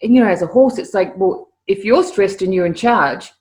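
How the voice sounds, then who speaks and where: A middle-aged woman, a guest telling stories in a casual interview, lively and often repeating words as she starts a sentence. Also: mid-range voice, normal speed. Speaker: interview guest, animal communicator.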